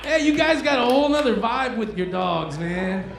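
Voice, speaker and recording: A man works a comedy club crowd with casual, crude banter. His voice sits high and has a gravelly edge. The room is echoey, with faint crowd noise behind him. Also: animated, normal speed, a bit bright. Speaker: stand-up comedian. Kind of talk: stand-up comedy set.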